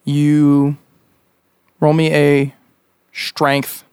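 A man running a tabletop game as game master, relaxed and quick to laugh while he rules on the fly. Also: a little high, background noise.

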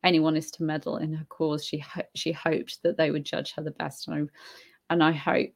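A woman talking casually to viewers on a live stream. Her voice sits low and has a gravelly edge of vocal fry. She thinks aloud, pausing on fillers and restarting her sentences. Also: little pitch movement. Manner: hesitant, many fillers and restarts, thoughtful. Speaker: live-stream host answering viewer comments. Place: home in Spain.

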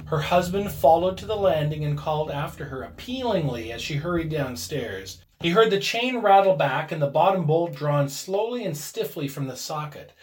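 A man narrating a ghost story in a suspenseful, expressive dramatic reading. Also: a little high, moderate pace, hardly any pauses.

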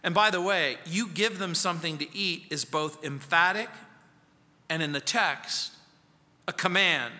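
A male pastor preaching an expository sermon, acting out quoted voices and dropping to soft, quiet lines for emphasis. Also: a little high, unhurried. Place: church sanctuary. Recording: long church reverb.

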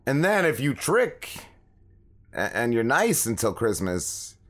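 A man co-hosts a casual podcast, rambling through stories full of swearing and acting out the people in them. His pitch sits in the middle but swings widely as he goes. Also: very animated, slow. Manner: rambling, swears a lot, acts out quoted people. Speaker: podcast co-host. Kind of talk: casual profane storytelling.

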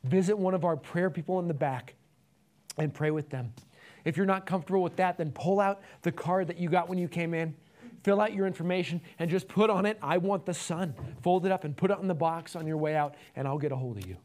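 A man's voice: fairly high pitch, a little fast, darkish tone. A male pastor telling an illustration story and closing his sermon with earnest appeals.

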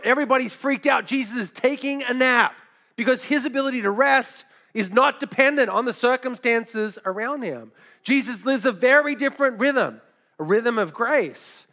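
A middle-aged male pastor giving a sermon in a conversational, storytelling way, with quick asides and light laughs. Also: very high-pitched, sharp tone.

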